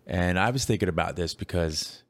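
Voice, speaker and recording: A man's voice: deep voice, moderate pace. A man co-hosting a casual podcast chat, rambling with many fillers and restarts and laughing easily. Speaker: podcast co-host.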